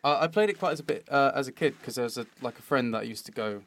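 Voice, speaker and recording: A man's voice: medium pitch, expressive, quick pace, a bit bright, slight background noise. A man hosting a casual gaming podcast, rambling and self-deprecating, swearing freely. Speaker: podcast host. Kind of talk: casual chat.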